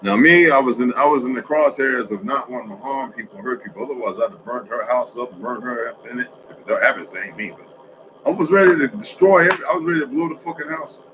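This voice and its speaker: A man's voice: medium pitch, fast talker, background noise. A man in a casual, rambling monologue for social media, telling streetwise stories with lots of cursing. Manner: profane, rambling, streetwise storytelling.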